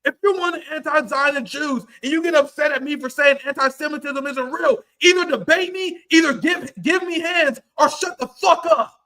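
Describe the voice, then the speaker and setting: A male livestream host delivering an angry, profane rant, often breaking into shouts. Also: very high voice, normal speed.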